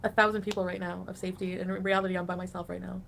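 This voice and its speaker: A woman's voice: on the low side, flat delivery, racing, vocal fry, fairly bright tone, slight background noise. A woman talking to her livestream viewers from home, rambling and confiding. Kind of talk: casual livestream talk.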